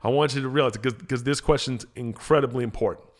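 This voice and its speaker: A man's voice: mid-range voice, quick pace. A man hosting a motivational podcast, talking casually with energy, often repeating himself and restarting phrases. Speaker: podcast host, motivational speaker.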